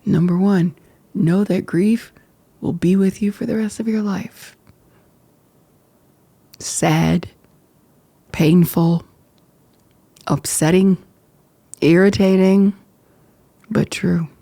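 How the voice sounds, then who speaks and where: A woman talks openly to the camera as the host of her own podcast, emotional and reflective, sometimes halting. Her voice is mellow and gravelly, with a low rasp. The sound is dry and close, with no room echo. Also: fairly even intonation. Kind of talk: candid personal talk to camera. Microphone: camera framing.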